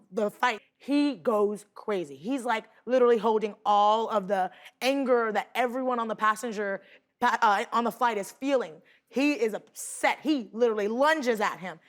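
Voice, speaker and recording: A woman guest telling a story on a talk show, chatty and full of fillers. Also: on the high side. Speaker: guest passenger. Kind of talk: animated storytelling. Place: TV studio.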